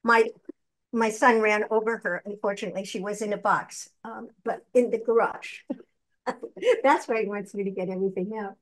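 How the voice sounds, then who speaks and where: A woman's voice: mid-range voice, normal speed. An older woman, a seasoned actress and voice performer, telling stories animatedly in an interview. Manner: animated, chatty storyteller who acts out quotes. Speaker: guest, actress and voice actor. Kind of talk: conversational interview.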